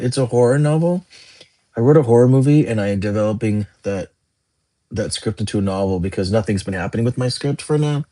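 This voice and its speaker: A young man hosts a casual live chat, working briskly through viewer comments in a rambling way, his voice on the low side with a warm tone.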